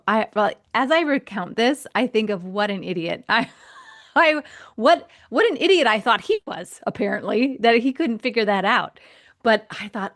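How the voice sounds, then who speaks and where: A woman hosting a podcast, telling a personal story in a casual, animated way and acting out the voices in it. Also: mid-range voice, unhurried. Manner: animated, acts out quoted voices, laughs often. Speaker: podcast host.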